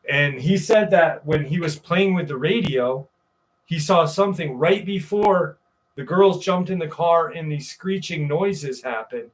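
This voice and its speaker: Guy from new york, kinda high voice, loose rambling swear-y storytelling on a live stream. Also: normal speed. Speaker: show host. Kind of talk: casual storytelling to a live chat.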